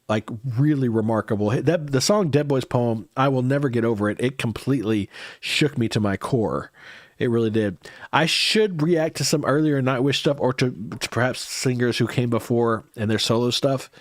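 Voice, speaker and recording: A man's voice: mid-range voice, no echo, clean studio sound. A man with a head cold, tired and congested, hosting a music reaction livestream and answering viewer comments in casual chat.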